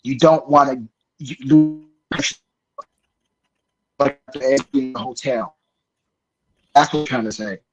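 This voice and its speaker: A man's voice: medium pitch, slow pace, pauses often, low-quality recording. A man on a casual podcast chat, handing out travel advice chattily and restarting his sentences often.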